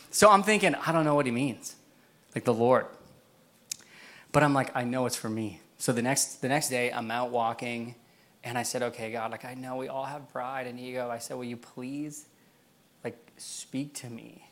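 A man's voice: medium pitch, fairly even intonation, moderate pace, fairly bright tone. Casual, chatty male pastor. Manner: casual storytelling, many fillers, laughs often. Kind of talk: sermon. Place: church.

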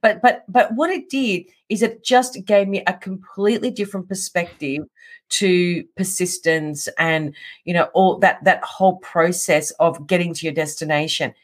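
A middle-aged woman in a casual interview, telling a story with lively energy, often laughing and acting out what people said. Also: lowish voice, moderate pace. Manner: animated, laughs often, acts out quotes. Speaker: guest.

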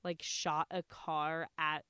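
A woman's voice: low voice, flat delivery, sharp tone, clean tone, dry recording, studio quality. A young college woman from New York chatting casually with a friend, rattling on with lots of "like" fillers. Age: young adult. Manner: fast, chatty, frequent "like" fillers. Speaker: college student co-host. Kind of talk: casual chat.

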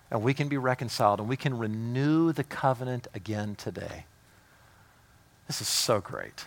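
A man preaching a sermon as a pastor. He talks with emphatic urgency that drops to hushed intimacy, repeating words when fired up. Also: mid-range voice, lively intonation, moderate pace, vocal fry, a little hiss or hum.

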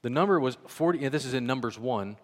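A man preaching a sermon in a conversational, animated way, acting out the voices he quotes. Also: mid-range voice, quick pace, big-room sound. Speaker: pastor.

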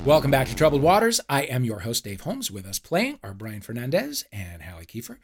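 A man's voice: mid-range voice, wildly swooping pitch. Playful man hosting a comedy game show. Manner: playful, quick asides and swearing.

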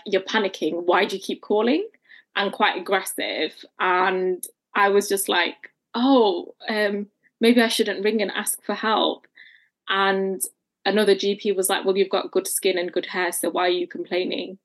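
Woman guest, mid-pitched voice, vivid personal account, slips into voices of the people she quotes. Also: steady tone, a little slow. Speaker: interview guest. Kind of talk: personal storytelling in conversation.

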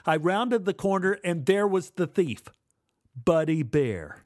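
A man telling a first-person memoir story in a measured, dramatic way. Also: high-pitched, expressive, a little mellow, no room sound, studio quality. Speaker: narrator.

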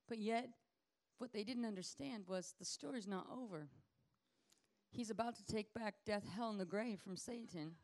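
A woman preaching a casual, conversational sermon, animated and acting out scenes as she tells them. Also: medium pitch, normal speed.

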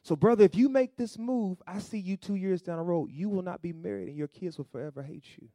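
A man preaching a sermon, asking the congregation for amens, swinging between loud emphatic peaks and low asides. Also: a little fast, dry recording, studio quality. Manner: call-and-response preaching, rising to loud emphatic peaks then dropping low; acts out quoted voices in asides. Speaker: pastor.

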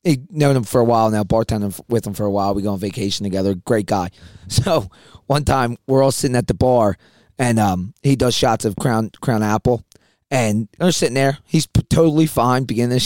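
A man's voice: medium pitch, a little fast, darkish tone, dry recording. Dry-voiced man laughing through stories. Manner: laughs through his own stories, rambling restarts. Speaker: podcast co-host. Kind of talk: casual storytelling chat.

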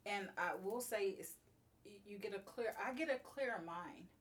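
A woman's voice: mid-range voice, moderate pace, distant mic. A woman guest talking casually in an interview, emphatic and fond of repeating key phrases. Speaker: guest, beauty bar co-owner.

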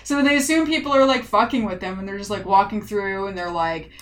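A woman talks through a film with a friend in loose, casual chat. She is animated and quick, acting out snatches of what the characters say as she goes. Her pitch sits in a middle range. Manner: animated storytelling with quick quoted voices, heavy swearing. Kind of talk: casual chat recapping a movie.

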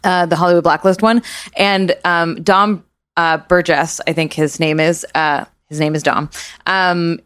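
A woman's voice: on the low side, steady tone, a little slow, fairly bright tone, smooth. A woman directing a show, talking enthusiastically and swearing casually on a podcast.

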